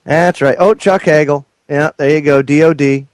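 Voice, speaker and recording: Joking, loud male radio host. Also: on the high side, fairly even intonation, moderate pace, no echo. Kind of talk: casual live commentary.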